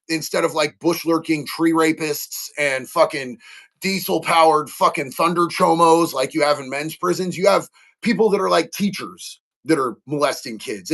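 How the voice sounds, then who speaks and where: A man's voice: a little high, fairly bright tone. A man hosting a casual livestream, talking candidly and earnestly to viewers, with lots of slang, swearing and fillers. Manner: earnest and heartfelt. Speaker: livestream host answering chat. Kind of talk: casual unscripted talk to viewers.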